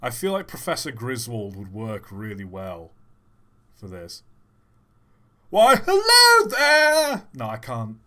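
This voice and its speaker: Man, game streamer, casual livestream chat, self-mocking, unhurried, animated. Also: lowish voice. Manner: self-mocking, chatty, trying out silly voices. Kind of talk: casual gameplay livestream commentary.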